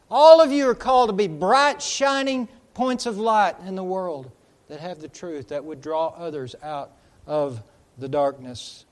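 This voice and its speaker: High-voiced man preaching with fervor. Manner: emphatic, swings from loud to hushed, slows on key words. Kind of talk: sermon.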